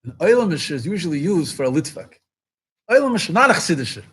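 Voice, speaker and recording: High husky-voiced rabbi, impassioned. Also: male voice, sing-song, fast talker, fairly bright tone. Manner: impassioned, repeats phrases for emphasis, rising to exclamations. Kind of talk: farbrengen talk.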